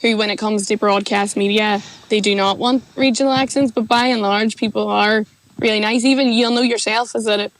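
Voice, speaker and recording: A woman's voice: mid-range voice, fairly even intonation, normal speed, low-quality recording. A young woman from Derry with a Derry accent, a panel guest speaking in a chatty, frank way. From Derry, Northern Ireland.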